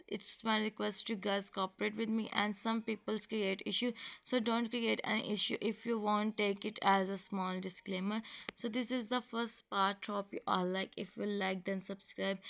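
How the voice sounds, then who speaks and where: A woman reading a fan story aloud and talking to her listeners, in a halting way with many fillers. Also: mid-range voice, creaky, fairly bright tone, rough recording. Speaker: fan fiction reader.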